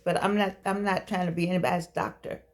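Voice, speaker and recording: Woman, 60s, folksy and preachy, gravelly edge, chatty motivational vlog. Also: lowish voice, flat delivery, fast. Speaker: vlogger speaking to seniors. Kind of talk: casual motivational talk to camera.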